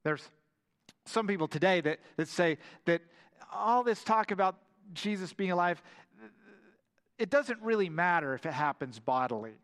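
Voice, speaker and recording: A man preaching a sermon, retelling the story in an animated way and often repeating words as he goes. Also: high voice, normal speed. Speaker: pastor. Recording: long hall reverb.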